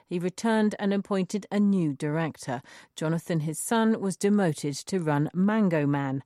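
Low, mellow-voiced woman news reporter. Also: no room sound, studio quality.

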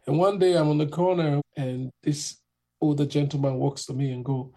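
A man telling a rambling, animated story in a casual interview, acting out the people in it. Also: medium pitch, brisk. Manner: rambling, animated, acts out the people in his stories.

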